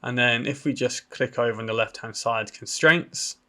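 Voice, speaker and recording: A man's voice: medium pitch, flat delivery, fairly quick, pushed and bright. A man from the UK hosting a property education channel, casually walking viewers through a land listing on screen. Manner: casual, explanatory, with fillers. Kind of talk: screen-share walkthrough.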